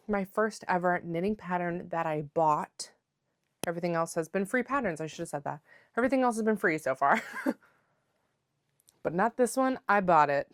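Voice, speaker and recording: A chatty woman vlogger talking at home in a somewhat low voice. She rambles casually, with plenty of filler words, and playfully calls her viewers besties. The sound is close and dry, with no room echo. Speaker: knitting vlogger. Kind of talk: casual chat.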